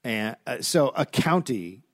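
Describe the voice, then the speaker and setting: A man's voice: medium pitch, sing-song, a little slow, no room sound. Dry-voiced man reading history on a comedy podcast. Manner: reads out history notes with filler "uh"s, dry asides. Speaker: podcast co-host and researcher. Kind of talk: casual comedic history chat.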